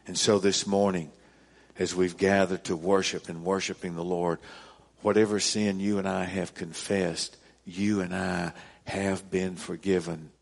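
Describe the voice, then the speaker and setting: Slow, low-voiced male pastor preaching. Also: vocal fry. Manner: deliberate, repeats key phrases for emphasis. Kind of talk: sermon. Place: church service.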